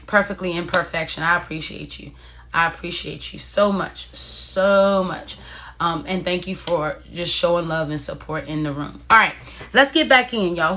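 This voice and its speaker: There's a little hiss or hum behind this low-leaning woman's voice. She hosts a motivational stream, warmly and casually encouraging viewers, talking to them directly, reading their comments, and repeating phrases.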